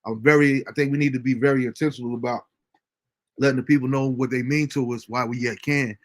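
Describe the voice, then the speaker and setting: Man, host, casual livestream chat, relaxed, chuckling, mid-pitched. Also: fast talker. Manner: laid-back, chuckling often, fillers like um. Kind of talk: casual livestream chat, reading viewer comments.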